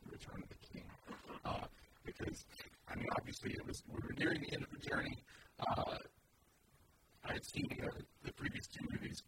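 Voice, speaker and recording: A man co-hosting a podcast, with an eager, excitable way of talking. Loud background noise sits under everything he says. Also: very high voice. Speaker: podcast co-host. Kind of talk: casual chat about movie trailers.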